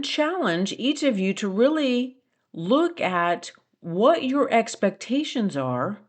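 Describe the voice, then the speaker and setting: A middle-aged woman hosting a solo podcast, talking earnestly and challenging listeners with pointed questions. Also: mid-range voice. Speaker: podcast host. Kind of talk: reflective solo podcast talk.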